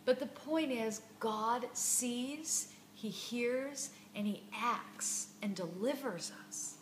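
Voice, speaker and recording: A woman's voice: on the high side, takes it slowly, hardly any pauses, echoey room. Woman, podcast host, devotional reflection, emphatic, repeats words, faint background noise.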